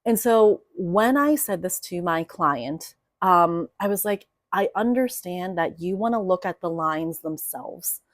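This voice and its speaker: A young woman explains writing craft in a loose, talkative way, full of "like" and "you know". Her voice sits slightly low, and the recording is close and dry with no room around it. She tells the story with real animation. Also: measured pace, few pauses, no echo. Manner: chatty, animated storyteller with many fillers. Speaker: writing coach. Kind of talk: casual explainer to camera.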